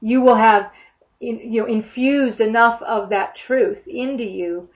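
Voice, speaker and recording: Woman preacher, emphatic and heartfelt, slightly high voice, muffled lo-fi sound. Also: measured pace. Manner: fervent, emphatic, voices imagined prayers. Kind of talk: sermon. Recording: dull lo-fi sound.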